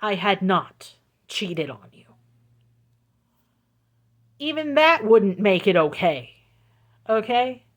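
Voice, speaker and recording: Slow, emphatic woman telling a story. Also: mid-range voice, animated. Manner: slow, deliberate and emphatic, with repeated points. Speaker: vlogger. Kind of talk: storytime vlog. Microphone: phone.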